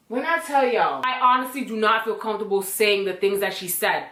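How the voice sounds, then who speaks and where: A woman telling a personal story to camera in a casual, blunt, animated way, swearing freely. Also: medium pitch, a little fast, few pauses, echoey room. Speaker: storytime vlogger.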